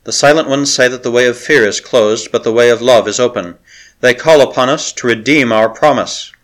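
A man reading aloud and voicing a devoted young handmaiden woman who speaks gravely and tenderly. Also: medium pitch, a little fast, fairly bright tone, lightly acted.

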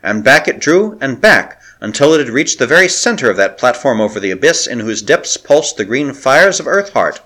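A man narrating an old adventure novel aloud in an expressive, theatrical manner. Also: mid-range voice, normal speed, few pauses. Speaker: audiobook narrator. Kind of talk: dramatic audiobook narration.

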